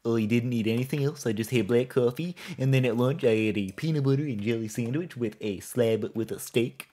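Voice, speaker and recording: A man putting on the voice of a prim, chirpy pet guinea pig on a live stream, with drawn-out, over-pleased words. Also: medium pitch, dark tone, pitched above the performer's own voice, lightly acted.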